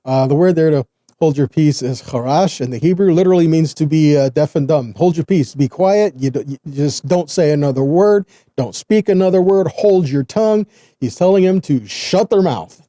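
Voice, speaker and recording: Earnest man with a dark, dry voice. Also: on the high side, normal speed, dry recording. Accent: Southern US. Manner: earnest, addresses listeners as guys. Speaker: teacher. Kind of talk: bible teaching.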